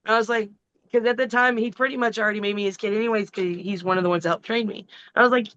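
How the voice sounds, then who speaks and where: A middle-aged woman, a wrestler, telling a long story in a casual, profane, animated way. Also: mid-range voice, rapid-fire, no echo, lo-fi sound. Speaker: wrestling guest.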